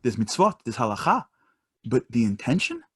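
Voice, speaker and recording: A man's voice: medium pitch, very animated, moderate pace, breathy edge. A man voicing a blunt older rabbi who scolds in disbelief, close to his own voice. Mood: incredulous. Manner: incredulous, scolding.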